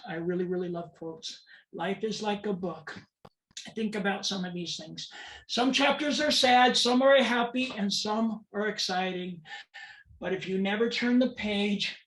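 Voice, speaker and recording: A woman's voice: lowish voice, roomy sound. Woman telling a story from a distant mic. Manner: dramatic storytelling, acting out quoted voices. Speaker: transgender advocate and speaker. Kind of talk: personal story talk.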